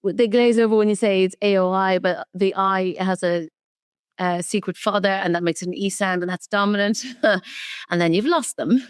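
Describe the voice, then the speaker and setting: An Irish woman guest tells animated stories, laughing often, in a smooth, resonant voice. The sound is close and dry. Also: medium pitch, normal speed, dry recording. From Ireland. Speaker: podcast guest, activist. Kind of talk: casual conversational interview.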